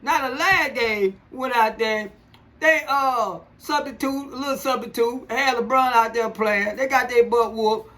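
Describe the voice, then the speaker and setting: A man's voice: very high voice, unhurried, bright, forceful tone. An older man co-hosting a casual podcast, blunt and rambling, laughing often. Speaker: podcast co-host, father. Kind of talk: casual sports chat.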